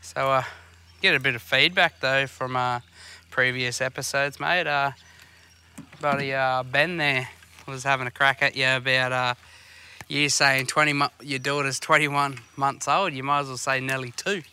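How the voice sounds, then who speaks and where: Foul-mouthed Australian man with a bright, sharp voice. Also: mid-range voice, fairly even intonation, moderate pace, slight background noise. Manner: blunt, swears constantly, rambling storyteller. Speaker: fishing podcast host. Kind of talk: casual banter while fishing. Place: outdoors on a boat on a river. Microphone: portable recording equipment on the boat.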